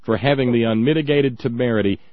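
A man's voice: medium pitch, fast talker, no echo, narrow, tinny audio. A man hosting a call-in radio show who speaks with emphatic, blunt indignation. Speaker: radio host.

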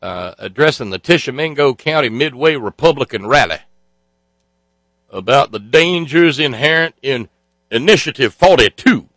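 A man's voice: medium pitch, lively intonation, normal speed, fairly bright tone, dry recording, poor audio. A man hosting a talk show, delivering sarcastic political commentary in a rambling way full of filler sounds. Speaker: radio talk show host.

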